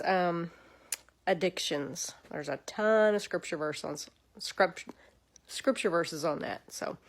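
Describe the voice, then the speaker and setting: A woman hosting a casual devotional talk, chatty and earnest, with lively swings in pitch. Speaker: devotional host.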